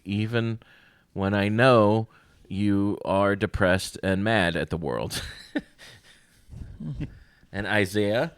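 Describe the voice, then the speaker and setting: Podcast host, low-pitched man, dry close mic, loose rambling chatter. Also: clear, resonant tone, no echo. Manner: rambling, animated storytelling with voices. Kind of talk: casual chat.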